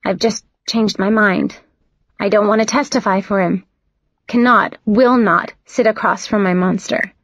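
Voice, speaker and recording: A woman's voice: medium pitch, steady tone, unhurried, no echo. A woman giving first-person audiobook narration with a wry, inward storytelling manner. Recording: dull, dry studio recording.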